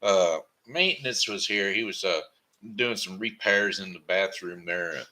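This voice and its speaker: A man's voice: low-pitched, unhurried, pushed and bright. A tired man hosting his own daily broadcast from home, rambling, repeating words and correcting himself. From Missouri, United States. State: tired, sleepy. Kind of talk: rambling casual monologue.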